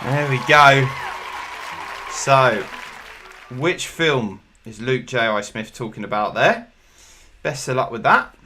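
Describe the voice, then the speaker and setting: A man hosting an online pub quiz, chatty and jokey with loud bursts of excitement. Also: medium pitch, takes it slowly, long pauses, faint music behind, a faint crowd. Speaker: quiz host.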